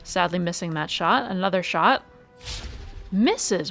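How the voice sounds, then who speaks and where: A woman doing let's play commentary, calmly calling out each move and roll of a turn-based game. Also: lowish voice, a little slow. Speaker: gaming video creator. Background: faint game music.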